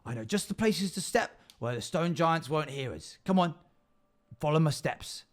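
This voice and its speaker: A man's voice: a little high, lively intonation, moderate pace, pitched above the performer's own voice, close to an everyday voice. A man voicing a scrappy, hungry little male goblin who talks in a cheeky, wheedling way, bargaining for food. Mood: chummy. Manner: cheeky, wheedling, deal-making.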